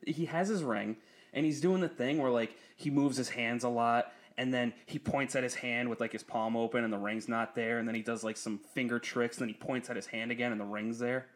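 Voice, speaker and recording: A man's voice: medium pitch, a little fast, few pauses. A young man telling a story in casual chat, swearing freely and laughing often, his voice jumping up when he quotes people. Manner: profane storytelling, laughs often, animated when quoting others.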